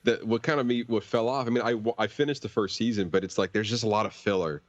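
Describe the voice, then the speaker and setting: A man chatting casually on a podcast in a measured, laid-back way, sometimes critical. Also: on the low side, no echo. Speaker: podcast panelist. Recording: dry, dull lo-fi mic.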